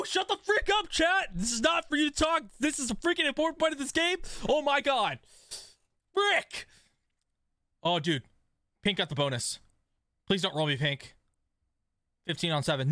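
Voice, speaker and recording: A man streaming a strategy game live, swinging between excited shouts and quiet muttering, scolding his chat. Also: sits high, dry recording, clean studio sound. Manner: swears mildly, talks to chat.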